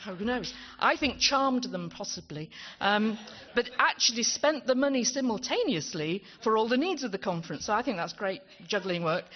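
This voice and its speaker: A woman's voice: on the high side, expressive, normal speed, hardly any pauses. A woman presenting at a conference closing ceremony, chatty and self-deprecating, stumbling over her words. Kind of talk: live thank-you speech on stage. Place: conference hall with audience. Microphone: handheld microphone. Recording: dull hall sound with crowd behind.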